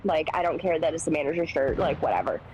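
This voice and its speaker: A woman's voice: deep voice, fast talker, highs cut off, a little hiss or hum. A young woman streamer telling a work story in casual chat, acting out the people she quotes. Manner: animated, acts out quoted voices. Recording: music playing behind.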